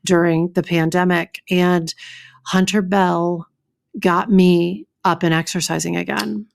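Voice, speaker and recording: A woman's voice: fairly low pitch, little pitch movement, takes it slowly, vocal fry. Chatty woman podcast co-host. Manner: chatty, with restarts and fillers; reads aloud from a book. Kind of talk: casual podcast chat.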